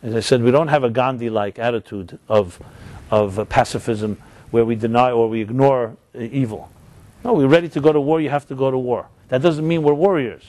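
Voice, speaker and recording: A man's voice: mid-range voice, steady tone, fairly quick, a little mellow, dry recording. A middle-aged man, a rabbi, giving a Torah lecture, explaining Hebrew terms with rising, emphatic stresses.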